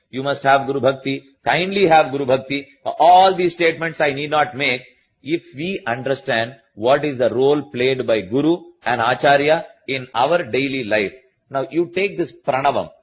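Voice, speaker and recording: A man with an Indian English accent giving a slow, patient religious discourse to a listening audience, repeating key points as he explains. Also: mid-range voice, breathy edge, highs cut off. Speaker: spiritual teacher.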